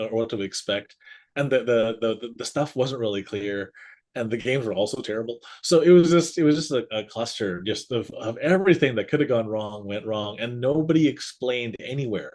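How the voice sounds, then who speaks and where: A man's voice: mid-range voice, brisk. A man co-hosting a casual business talk show, telling stories and acting out what people said, often laughing. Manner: animated storyteller, acts out quotes, laughs often. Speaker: podcast co-host.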